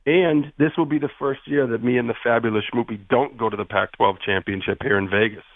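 A man's voice: medium pitch, steady tone, quick pace, dry recording. A man with a Boston accent calling in to a radio show, joking and effusive over a phone line. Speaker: correspondent calling in. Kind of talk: casual radio banter.

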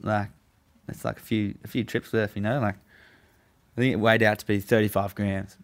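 A young man in casual conversation, laid-back and profane. His voice sits low with a gravelly, creaky edge. He rambles through his story in easy, relaxed chat. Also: normal speed. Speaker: guest telling a story.

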